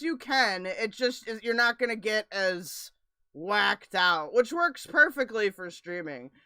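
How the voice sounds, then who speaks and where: A woman co-hosting a livestream, with a bright, smooth voice and a playful, candid manner. She sounds dry and close to the mic. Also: on the high side, lively intonation, a little slow, dry recording. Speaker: livestream co-host. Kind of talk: casual livestream chat.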